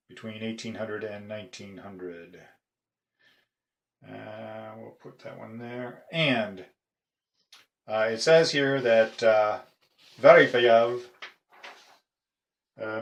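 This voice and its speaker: Slow, halting middle-aged man. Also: on the low side. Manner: halting, with frequent "uh" pauses. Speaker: padlock collector. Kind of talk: casual show-and-tell video. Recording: echoey room.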